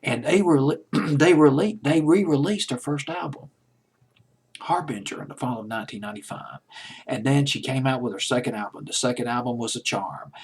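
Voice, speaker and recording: A man's voice: medium pitch, normal speed, slightly rough. A man hosting a home-made countdown show, talking casually and enthusiastically with asides and restarts. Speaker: countdown host. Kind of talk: casual radio-style countdown talk.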